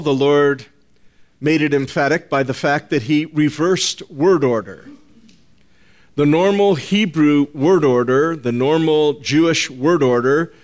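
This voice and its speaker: A male preacher delivers a sermon slowly and deliberately, his voice sitting a little above the usual male range. He hammers home his points through repetition and emphasis, speaking directly to his congregation as "folks". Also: fairly high pitch. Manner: addresses listeners as folks.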